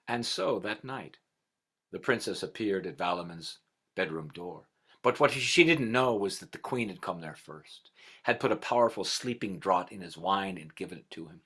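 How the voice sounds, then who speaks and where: A middle-aged man telling a folktale aloud, expressive and swinging from whispers to loud passages. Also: low voice, moderate pace, husky. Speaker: storyteller.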